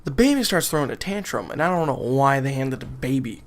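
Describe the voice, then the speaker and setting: A man's voice: medium pitch, big pitch swings, a little fast, a little hiss or hum. A young man casually telling a rambling, exasperated story on his vlog, often laughing as he goes. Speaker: gaming channel vlogger.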